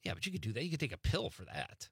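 A man's voice: on the low side, huge pitch swings, rapid-fire, gravelly, breathy edge, dry recording, studio quality. A man hosting a radio show, bantering casually and joking at his own expense. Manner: joking, self-mocking, rambling. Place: radio studio. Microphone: studio microphone.

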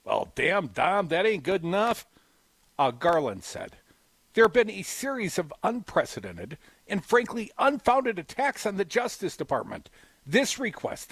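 A man's voice: high-pitched, fairly bright tone, breathy edge, no room sound, poor audio. A man co-hosting a political talk show, reading the news with blunt, salty asides. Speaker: co-host.

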